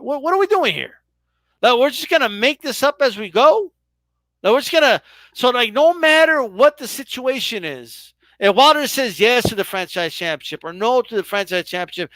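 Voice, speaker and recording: A man giving heated boxing commentary on a live stream, sarcastic and exasperated, talking in rapid rants. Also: very high-pitched, bright, forceful tone, no room sound.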